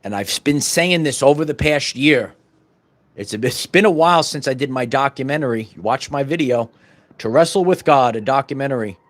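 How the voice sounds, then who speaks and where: A middle-aged man hosting a podcast, giving a fervent spiritual monologue full of repetitions and stumbling restarts that rises into loud bursts. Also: mid-range voice, animated, normal speed. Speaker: podcast host.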